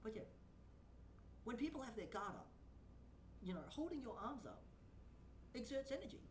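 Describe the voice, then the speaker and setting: Woman streamer, profane ranting, slightly high voice, roomy sound, faint background noise. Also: sing-song, moderate pace, far from the mic. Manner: blunt, swearing, ranting. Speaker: VTuber streamer. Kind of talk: profane reaction commentary.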